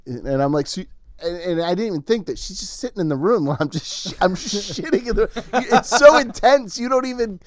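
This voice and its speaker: A man co-hosting a comedy podcast, spinning a crude story with lots of laughter. His voice sits somewhat high for a man, and the recording is dry and close. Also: expressive, brisk, no echo. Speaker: podcast co-host.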